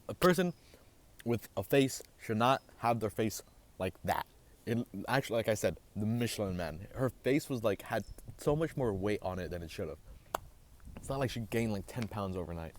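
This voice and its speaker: A young man hosting a casual storytime vlog, animated and swearing as he gets heated. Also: medium pitch. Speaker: vlogger host.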